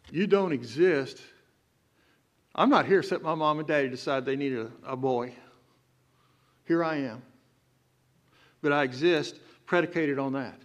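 Texan preacher with rising bursts. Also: male voice, a little high. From Texas. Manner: preaching with emphatic rising outbursts. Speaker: pastor. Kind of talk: sermon. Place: church sanctuary.

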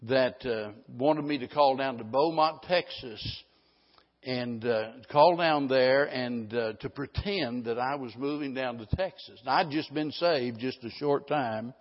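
A man's voice: mid-range voice, measured pace. A middle-aged male pastor preaching a sermon in a folksy, rambling way, often restarting his sentences. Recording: dull lo-fi sound with a long hall reverb.

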